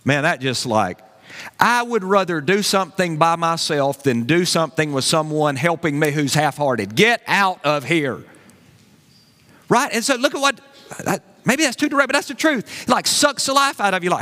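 A man preaching a sermon as pastor, animated and conversational, with folksy asides to the congregation. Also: on the high side, normal speed, long reverb tail.

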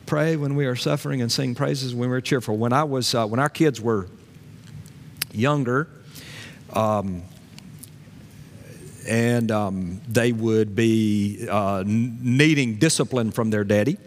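A man preaching a sermon, folksy and animated, dropping to a low voice in prayer. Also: slow, pauses often, slight background noise. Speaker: pastor. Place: church sanctuary. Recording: long hall reverb.

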